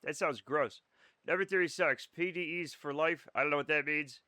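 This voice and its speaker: With a fairly high, bright, forceful voice at normal speed, a young man chats sarcastically with viewers while gaming, swearing now and then as he reads the live chat. The recording is dry.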